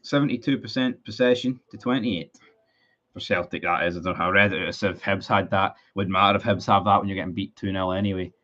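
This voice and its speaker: A man's voice: sits low, fairly even intonation, brisk, sharp tone, lo-fi sound. A Scottish man streaming a live football watchalong, chatting with his viewers, frustrated and sweary about his team. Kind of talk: live match watchalong commentary.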